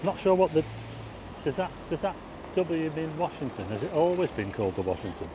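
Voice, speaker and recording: Background noise surrounds a slightly high, expressive male voice speaking fairly quickly. The vlogger chats and rambles on a nighttime outdoor tour of a car park roof and town streets, showing things to the people watching.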